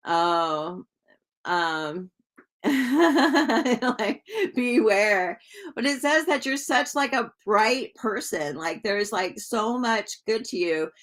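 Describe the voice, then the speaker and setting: A woman's voice: on the high side, lively intonation, very slow, a bit bright. A woman doing a live tarot reading, talking casually and rambling with many fillers, chatting to viewers as she reads. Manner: greets viewers by name while reading. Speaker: tarot reader.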